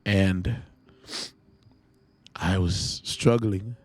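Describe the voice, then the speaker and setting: A man hosting a podcast, telling a personal faith testimony in an earnest, halting, emotional way. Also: sits low, steady tone, no room sound. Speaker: podcast host.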